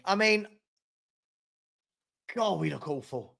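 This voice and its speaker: A man's voice: high voice, unhurried, fairly bright tone. Exasperated man hosting a watchalong. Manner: exasperated, groaning at the team, chatting to viewers. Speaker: watchalong host. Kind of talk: live football watchalong commentary.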